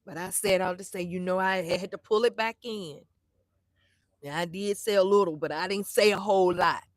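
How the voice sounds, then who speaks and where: A middle-aged woman vlogger telling a story to her live chat in a blunt, animated way, swearing freely and acting out the people she quotes. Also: fairly low pitch, moderate pace, no room sound.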